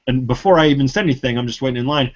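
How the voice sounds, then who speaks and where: A man telling stories in casual podcast chat, swearing a lot and getting loud and indignant. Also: mid-range voice, very fast. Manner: ranting storyteller, swears often, gets loud and indignant. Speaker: podcast co-host. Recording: dull lo-fi sound.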